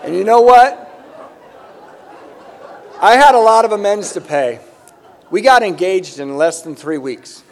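A man of around fifty telling a comic story live, self-mocking and animated, acting out the voices in it. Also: sits high, unhurried, long pauses, a faint crowd.

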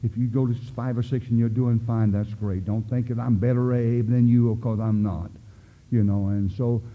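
A man's voice: mid-range voice, steady tone, moderate pace. Older guy sharing his story at a meeting, folksy and plain, sounds like a phone line in a big echoey hall. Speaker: recovery meeting speaker. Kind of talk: personal testimony talk.

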